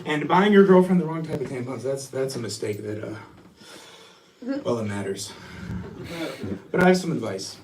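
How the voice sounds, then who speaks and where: A man doing a crude, rambling stand-up comedy set, often shouting and laughing. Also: mid-range voice, lively intonation, normal speed, long pauses, distant mic, slight background noise. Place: small comedy venue.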